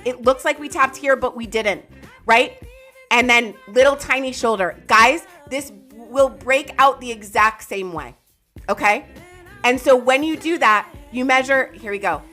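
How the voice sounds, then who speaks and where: A woman's voice, high-pitched and sharp, rings out with excitable energy. She hosts a live chart analysis stream, talking loudly and calling out to viewers by name, with faint music running underneath. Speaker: crypto market streamer.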